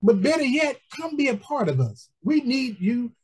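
A middle-aged man preaching with a high voice. He pleads with his listeners and repeats his lines, breaking in with "amen" and "praise God" as he goes. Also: very animated, normal speed, husky. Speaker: pastor. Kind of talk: preaching appeal for support.

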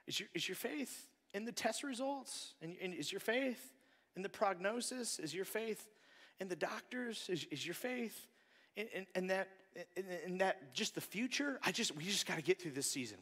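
A man preaching a conversational sermon as pastor, moving between loud bursts and hushed near-whispers. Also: high-pitched. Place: church sanctuary. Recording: long church hall reverb.

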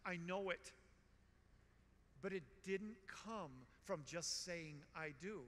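A man in his sixties giving a storytelling conference talk in a large hall, animated and joking, with emphatic repetition. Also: sits high, slow, a little hiss or hum. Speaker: conference speaker. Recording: long hall reverb.

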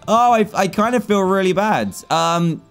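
Excitable young man doing game commentary. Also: high-pitched, a little slow, vocal fry, smooth, soft background music. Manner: excitable, jokey, laughs often. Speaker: gaming YouTuber. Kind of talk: let's play commentary.

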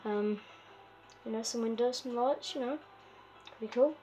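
A woman's voice: a little high, moderate pace, warm tone, soft background music. A woman hosting a casual game walkthrough, chatty and giggly, with lots of fillers and a habit of talking to her pet. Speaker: gaming video host.

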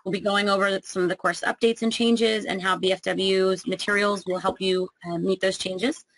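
A woman's voice: mid-range voice, flat delivery, normal speed, fairly bright tone, dry recording, rough recording. Woman hosting a webinar, dry sound. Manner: frequent ums, reading introductions. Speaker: webinar host.

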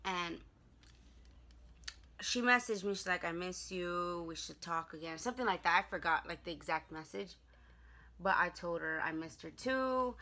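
A woman's voice: lowish voice, normal speed, sharp tone. A young woman vlogger telling stories in casual chat with her best friend, playful and laughing often.

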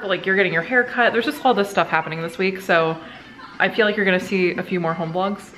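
Filming at home during the family's dinner time, a vlogger in her thirties chats to the camera in a rambling way, full of filler words. Her voice is mid-range, pushed and bright, and the recording sounds rough.

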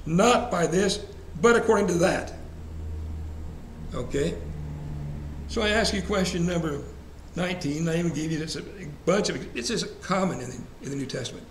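A man's voice: a little high, moderate pace. A man leading a church Bible study class in a conversational way, asking the group questions and repeating verse references. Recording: echoey room, faint ambient hiss.

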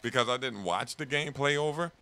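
A young man chatting casually and profanely while playing a video game, rambling and animated. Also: medium pitch, brisk, a little hiss or hum. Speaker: gaming streamer. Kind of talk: casual gameplay commentary.

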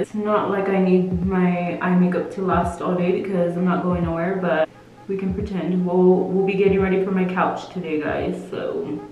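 Young female beauty vlogger, fake British accent, loose playful chatter; lowish voice, very echoey room. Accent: put-on British accent. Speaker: makeup vlogger. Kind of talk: casual makeup tutorial chat. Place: at home. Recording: very echoey room with faint music.

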